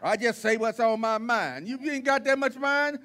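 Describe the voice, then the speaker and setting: A man preaching a sermon to his congregation in a church, folksy and blunt, driving points home with repetition and rising to shouts. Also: very high-pitched, moderate pace. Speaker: pastor. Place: church sanctuary.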